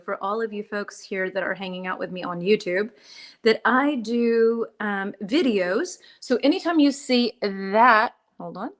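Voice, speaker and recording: Chatty woman teacher, slightly hoarse. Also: fairly high pitch. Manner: chatty, clears throat and apologizes often. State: slightly hoarse, drinking mint tea for her voice. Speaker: English teacher. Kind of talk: live-streamed English lesson. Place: home, dishes washing behind her.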